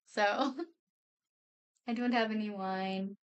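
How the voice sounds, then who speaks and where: A woman's voice: medium pitch, extremely slow, smooth, recorded from a distance. A woman in her twenties chatting casually to her live stream viewers at home, rambling and laughing often. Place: home room.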